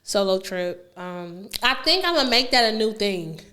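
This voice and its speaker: A woman's voice: mid-range voice, expressive, moderate pace, sharp tone. A woman co-hosting a casual podcast, talking with a retainer in and laughing often. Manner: talks a bit funny around a dental retainer. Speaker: podcast co-host.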